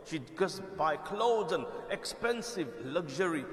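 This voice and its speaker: A man's voice: on the high side, expressive, measured pace. A man telling a religious story in a conversational lecture style, repeating words and checking in with his listeners. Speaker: Islamic preacher. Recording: echoey hall with long reverb.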